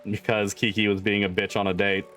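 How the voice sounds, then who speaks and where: A man's voice: on the low side, level tone, a little fast, pushed and bright, soft background music. A man streamer chatting casually with his viewers, swearing freely and laughing often. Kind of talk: casual chat with livestream viewers.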